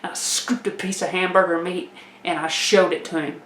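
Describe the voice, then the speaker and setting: A woman telling a comic tale in a folksy, animated way, laughing as she goes. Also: on the low side, moderate pace, roomy sound. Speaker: storyteller. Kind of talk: comedic personal storytelling.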